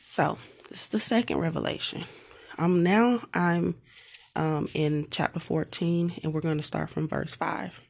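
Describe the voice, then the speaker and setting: A woman's voice: deep voice, fairly even intonation, a little slow, creaky. A woman reading a Bible passage and reflecting on it from her own life, in an earnest, personal way. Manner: earnest, reflective, talks straight to the viewer with tag questions. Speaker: mother sharing devotional reflections.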